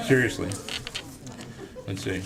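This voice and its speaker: A man's voice: slow, a crowd in the background. A man reading aloud from his own book to a live audience, breaking off for self-deprecating jokes. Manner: self-deprecating, joking asides. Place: indoor room with an audience.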